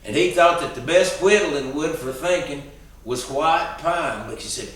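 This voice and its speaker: A man telling a story in a relaxed, folksy way. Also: on the high side, measured pace. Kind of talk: oral storytelling performance. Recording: roomy sound, distant mic.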